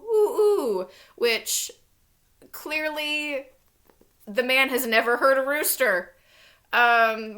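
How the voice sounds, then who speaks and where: Woman librarian, casual book chat, bright tone, amused and rambling. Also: lowish voice. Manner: chatty, amused, frequent fillers and restarts.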